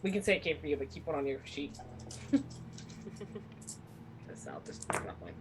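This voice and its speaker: A woman playing a tabletop game, chatty and quick to giggle. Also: low-pitched, big pitch swings, heavy background noise. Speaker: player. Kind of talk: casual tabletop play.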